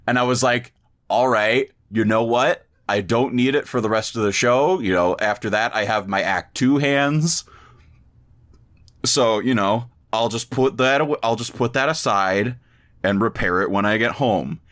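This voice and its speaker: A man's voice: mid-range voice, unhurried, fairly bright tone. A man on a podcast telling a long, rambling story in casual chat, swearing freely and restarting his sentences often. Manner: rambling, profane, frequent restarts. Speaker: podcast co-host.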